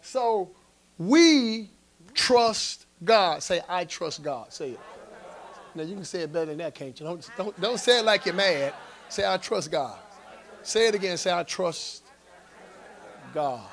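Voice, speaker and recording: High, gravelly preaching man. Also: animated, a little slow, long pauses. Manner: call-and-response preaching, swelling to shouts. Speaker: pastor. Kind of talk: sermon. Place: church sanctuary.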